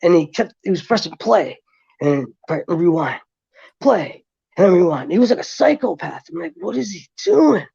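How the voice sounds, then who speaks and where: A man guest telling a long story in casual chat, rambling with many fillers and restarts, and getting animated as he retells events. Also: a little high, moderate pace, creaky, slightly rough, no echo, dull audio.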